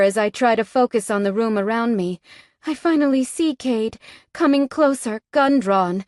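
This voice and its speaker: A woman's voice: on the high side, moderate pace, a little mellow, dry recording, clean studio sound. A woman narrating a romance novel in the first person, in a tense, dramatic manner. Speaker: audiobook narrator.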